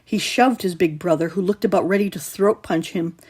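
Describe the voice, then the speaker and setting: A woman author reading her own horror story aloud in measured, suspenseful narration. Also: lowish voice, a little mellow, breathy edge.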